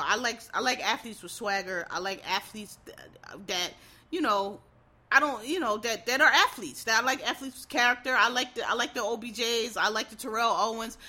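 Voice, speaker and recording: Blunt, profane woman ranting. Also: fairly high pitch. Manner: blunt, profane, restarts a lot, animated. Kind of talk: casual opinion rant.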